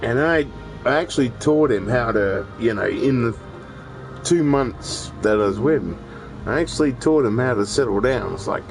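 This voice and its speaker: A gaming streamer with a mid-range, animated voice talks at a moderate pace, with soft music playing behind him on a rough recording. Chatting casually as he plays a video game, he rambles, swears freely, and keeps restarting his sentences.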